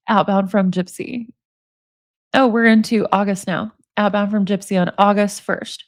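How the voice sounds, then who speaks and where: A woman's voice: medium pitch, slow, pauses often, no room sound, studio quality. Sarcastic, amused woman reading emails. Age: 40s. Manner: amused, sarcastic, laughs often. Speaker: commentary host reading prison emails. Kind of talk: casual commentary, reading emails aloud.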